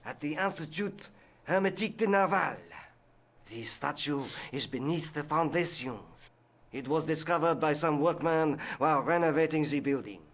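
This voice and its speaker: An actor playing a learned, patient scholar who explains history in a measured way in a video game. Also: male voice, a little high, fairly bright tone. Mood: explaining.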